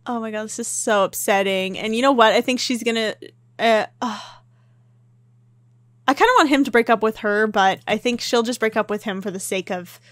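A woman giving casual, chatty commentary over a life-simulation game, excitable and quick to gasp. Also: fairly high pitch, no room sound. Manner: chatty and excitable, with gasps and laughs. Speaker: gameplay commentator. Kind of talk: casual let's-play commentary.

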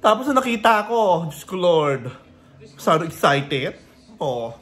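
A woman's voice: fairly low pitch, big pitch swings, a little slow. A woman vlogging casually at her godson's home, teasing him and switching between English and Tagalog. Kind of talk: casual vlog chat. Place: family home in Canada.

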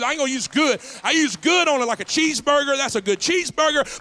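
A man preaching a sermon, his voice unusually high and bright. He drifts between casual storytelling with country turns of phrase and loud, sung-out preaching. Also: animated, quick pace, few pauses. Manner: storytelling, building to shouted preaching with singsong cadence; Southern dialect, "ain't", "y'all", "fixing to". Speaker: pastor.

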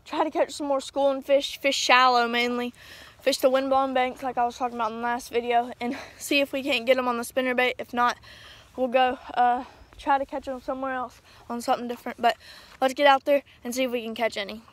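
A man vlogging while fishing from a small boat on a lake, talking casually and getting excited as he hooks fish. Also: extremely high pitch, a little fast. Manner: excitable, talks to himself and the fish. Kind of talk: casual outdoor fishing vlog. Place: small boat on a lake, outdoors in wind and rain. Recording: loud wind and rain noise.

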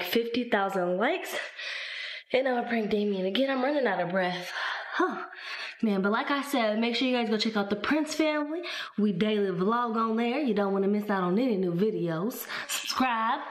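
A young woman vlogging to camera in a chatty, rambling way. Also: medium pitch. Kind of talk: casual vlog talk to camera. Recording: echoey room.

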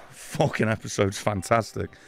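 A man's voice: on the low side, slow, gravelly, fairly bright tone, soft background music. A man in his thirties giving live, sweary game commentary, ranting at the game in exasperation. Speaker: gaming streamer.

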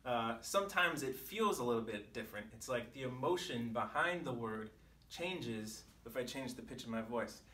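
A man, teaching a language lesson to camera in a clear, patient way, sometimes sounding out syllables at different pitches. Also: animated, moderate pace, bright, forceful tone. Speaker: Chinese teacher. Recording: echoey room, mic some distance off.

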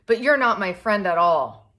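A woman voicing an upset little girl who quarrels with her friend, in a high pleading voice. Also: big pitch swings, moderate pace, a bit bright. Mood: indignant.

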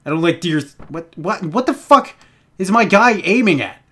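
Excitable swearing young gamer guy. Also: high-pitched, normal speed, a little hiss or hum. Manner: excitable, jittery, swears constantly, rambles. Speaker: gaming YouTuber. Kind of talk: let's play commentary.

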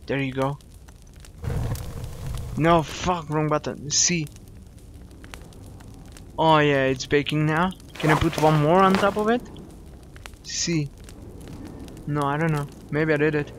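A man's voice: on the high side, slow pace, pauses often, a little hiss or hum. Jumpy young man voicing gameplay commentary. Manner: excitable, jumpy, swears when startled. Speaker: gaming YouTuber. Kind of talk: first-play horror game commentary.

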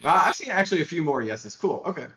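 A man's voice: fairly high pitch, lively intonation, fast, fairly bright tone, reverberant. A man from Alabama, a guest educator, chatting casually on a podcast in a rambling, joking way with lots of fillers and restarts.

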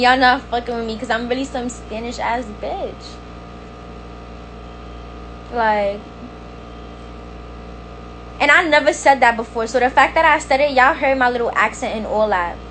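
Young woman, livestream host, unhurried, high-ish voice, playful sing-song chat, phone mic, faint hum behind. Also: a bit bright, rough recording.

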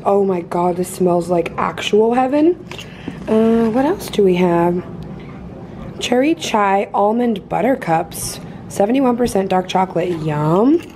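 A woman's voice: medium pitch, a little mellow, slight background noise. A young woman vlogging in a casual, bubbly, giggly way, saying "like" often. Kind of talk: casual vlog chat.

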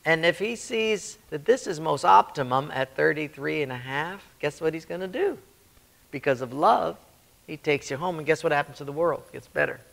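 A male pastor teaching a church leadership class, telling stories and acting out quoted voices with sudden rises in pitch and loudness. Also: normal speed, creaky. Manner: storytelling, acts out quotes with big swings in pitch and volume. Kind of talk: sermon-style Q&A teaching.

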